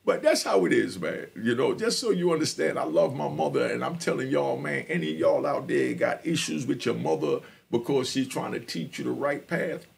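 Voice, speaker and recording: Very gravelly middle-aged man telling his story. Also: mid-range voice, animated, moderate pace, few pauses, slight background noise. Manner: emphatic and streetwise, addresses listeners directly. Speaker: guest storyteller. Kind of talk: personal storytelling on a podcast.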